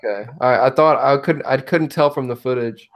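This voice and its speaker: Dude on a podcast, mid-pitch voice, kidding around, keeps restarting what he says. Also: brisk. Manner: joking, with frequent restarts and hedging. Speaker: podcast co-host. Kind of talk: casual chat about wrestling.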